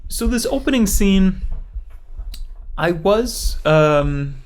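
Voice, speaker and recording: A man's voice: high-pitched, animated, extremely slow. A young man co-hosting a casual movie review podcast, rambling with lots of fillers and hedges. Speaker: podcast co-host.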